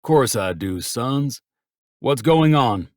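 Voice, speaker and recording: An older father drawls his words slowly in an audiobook, with a gritty, unhurried edge, as a man puts him on. The voice is pitched a little above the reader's own low tone. The sound is close and dry, with no room around it. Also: lively intonation, darkish tone, no room sound. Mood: easygoing. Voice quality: slow drawl. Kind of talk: audiobook character voice.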